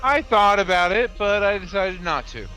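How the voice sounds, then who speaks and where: A man's voice: sits high, animated, normal speed, sharp tone, poor audio. A man playing a tabletop game, trading dry, mock-pompous jokes with the group in casual banter. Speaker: player.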